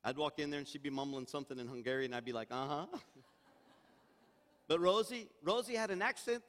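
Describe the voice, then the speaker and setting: A man's voice: fairly high pitch, a little fast, fairly bright tone. An older man preaching a sermon as senior pastor, emphatic and calling out for amens. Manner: emphatic preaching, calls for amen. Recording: reverberant church hall.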